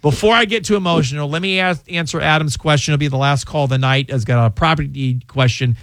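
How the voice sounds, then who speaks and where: A chatty man hosting a call-in radio show, his voice pitched a little above most men's. He often trips over his words and gets emotional. The studio sound is close and dry. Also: fast talker, a bit bright, dry recording. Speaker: radio show host and lawyer.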